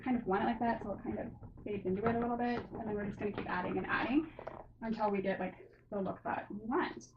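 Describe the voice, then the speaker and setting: A woman's voice: mid-range voice, fast talker. A woman giving a casual painting tutorial at home, rambling and self-mocking, with lots of fillers. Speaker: art tutor. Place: room at home. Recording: roomy, dull recording with background noise.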